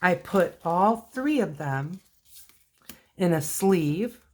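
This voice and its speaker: A woman's voice: lowish voice, lively intonation, drawn-out words, slight background noise. A woman hosting a casual crafting video, chatting and talking to herself while she works on a journal.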